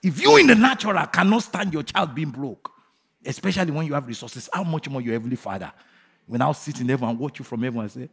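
A man preaching a fervent sermon who asks his congregation questions and leads them in shouted declarations. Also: medium pitch, animated, fast talker, vocal fry, slightly rough. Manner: asks the crowd rhetorical questions. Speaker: pastor.

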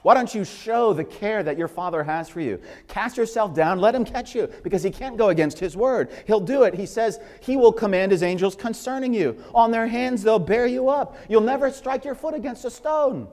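A man's voice: sits high, lively intonation, normal speed, few pauses, a little mellow, voice pushed up. A man voicing a sly male tempter spirit who coaxes and wheedles, in a long hall reverb. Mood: coaxing. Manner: smooth, wheedling persuasion.

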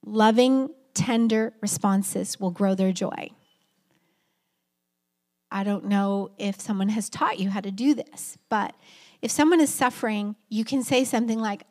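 A woman's voice: medium pitch, measured pace, darkish tone. A middle-aged woman pastor preaching a heartfelt, conversational sermon in a church, with a friendly "y'all" manner. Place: church sanctuary.

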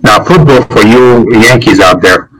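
A man's voice: mid-range voice, normal speed, fairly bright tone, poor audio. A man appearing as a guest on a podcast, chatting casually and rambling with frequent hesitations and restarts.

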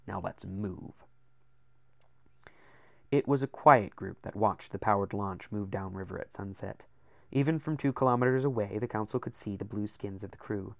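A man narrating an audiobook in a steady, descriptive reading. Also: on the low side, a little fast, gravelly, no echo, clean studio sound.

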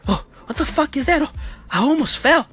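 A woman's voice: high-pitched, expressive, a little fast, fairly bright tone, a little hiss or hum, voice pushed up. A woman voicing a clumsy young man who blurts out startled curses.

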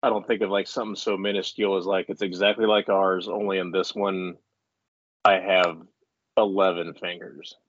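Cast: male podcast co-host, low husky voice, loose rambling talker, dull muffled home recording. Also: little pitch movement, normal speed, fairly bright tone, no room sound. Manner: rambling, laughs often, many restarts. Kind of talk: casual chat. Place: indoors at home.

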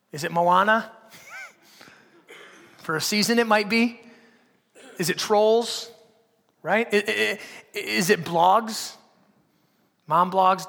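Guy preaching, pretty high voice, keeps asking the same question over and over, gets loud, churchy echo. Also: gravelly. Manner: repeats rhetorical questions, building to loud emphatic peaks. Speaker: pastor. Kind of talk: sermon.

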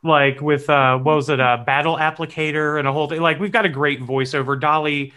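Male podcast co-host, rambling and casual, voice a bit high. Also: fairly even intonation, brisk, pushed and bright. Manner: rambling, many fillers and restarts.

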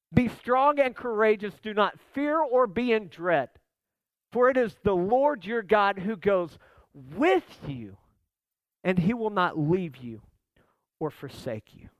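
High-voiced man preaching a sermon. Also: no room sound. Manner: impassioned preaching, voice rising and dropping. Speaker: pastor.

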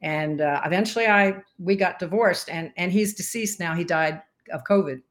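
A woman in her sixties, a podcast guest, telling stories in a lively interview chat and acting out what others said. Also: lowish voice, moderate pace. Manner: animated storyteller who acts out quoted voices.

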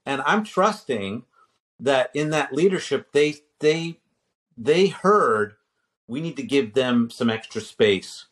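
A man's voice: medium pitch, lively intonation, slow, fairly bright tone. Rambling middle-aged man telling a story. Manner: rambling storyteller, quotes himself and others. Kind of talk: casual conversation.

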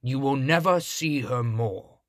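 A man's voice: medium pitch, a little slow, no echo, studio quality, natural voice. A man voicing a spiteful wicked old female witch in a storybook reading, cackling and scornful. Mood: mocking.

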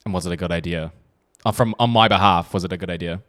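A man's voice: sits low, fast, a bit bright. A man co-hosting a podcast in casual chat, teasing his friend and laughing a lot. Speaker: podcast co-host.

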